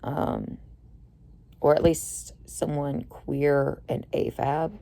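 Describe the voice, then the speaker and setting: A young woman with a low, gravelly voice and a dark, mellow tone tells a rambling story full of fillers and swearing. She mostly sounds low-key and tired, then flares up loudly. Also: level tone, drawn-out words. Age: young adult. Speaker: vlogger. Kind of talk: casual storytelling rant.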